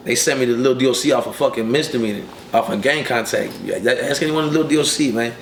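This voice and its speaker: A young man in his twenties tells his story in fast, profane street talk, with loose fillers throughout. He sits in a room with a strong echo. Faint ambient noise hangs under his voice. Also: medium pitch. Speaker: rapper, interview guest. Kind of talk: casual interview storytelling.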